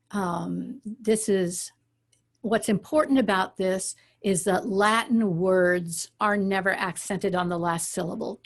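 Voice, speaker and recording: A woman teaching an online Latin class, explaining patiently with frequent okays and ums. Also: medium pitch. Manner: explanatory, uses frequent fillers like okay and um.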